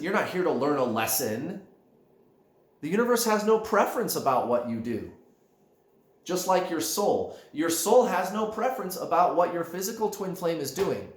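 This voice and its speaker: Male spiritual coach, emphatic, lively pitch swings, echoey room. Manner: animated, emphatic, addresses viewers as guys. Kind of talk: direct-to-camera coaching talk.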